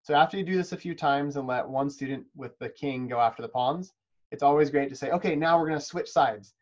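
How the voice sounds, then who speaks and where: A man's voice: mid-range voice, steady tone, a little fast, dull audio. Man presenting an encouraging webinar lesson. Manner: friendly, encouraging, practical explanations. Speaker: webinar presenter teaching chess to preschool educators. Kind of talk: instructional webinar talk. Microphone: video call microphone.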